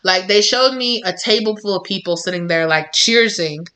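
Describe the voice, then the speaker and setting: A woman talks through a tarot reading in a loose, chatty way, blunt and profane with frequent laughs. Her voice is bright and forceful. Faint noise sits under the recording. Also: mid-range voice, normal speed, poor audio. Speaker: tarot reader.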